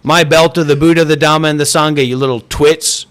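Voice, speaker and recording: A man's voice: on the high side, steady tone, fairly quick, fairly bright tone. A man hosting an online voice chat and livestream, scolding listeners with profanity and repetition. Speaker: voice chat host and streamer. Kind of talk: livestream rant.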